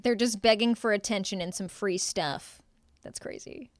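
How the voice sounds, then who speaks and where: A woman's voice: mid-range voice, moderate pace, no room sound, studio quality. A young woman live streaming from home, chatting casually with her viewers and answering their chat with playful sarcasm.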